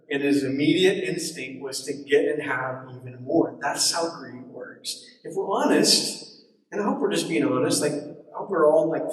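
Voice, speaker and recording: A man preaches in an easy, conversational way, breaking off for chatty asides. His voice sits somewhat high and carries long reverb through a church hall, picked up from a distance. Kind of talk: sermon. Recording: echoey hall from far off.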